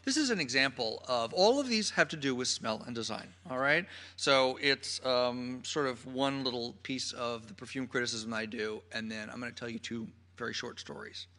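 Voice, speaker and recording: A man's voice: medium pitch, bright, forceful tone. A man giving a public talk as a perfume critic, an effusive storyteller who piles on gushing adjectives.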